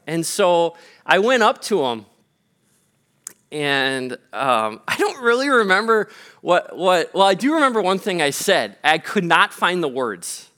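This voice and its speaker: A man's voice: high voice, very animated, measured pace, pushed and bright. A man from Minnesota, a pastor giving a conversational sermon full of fillers and restarts. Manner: chatty storytelling with many fillers and restarts.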